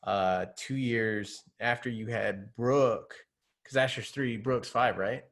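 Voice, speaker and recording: A man's voice: mid-range voice, slow, a bit bright. A young man hosting a casual podcast interview, talking in a laid-back way with lots of fillers and laughing through his stories. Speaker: podcast host.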